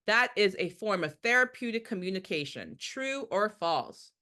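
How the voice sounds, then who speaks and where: A woman's voice: mid-range voice, animated, moderate pace, few pauses, bright, forceful tone. A woman who is a nursing instructor leading a live quiz review, emphatic and repeating her key points with rhetorical questions.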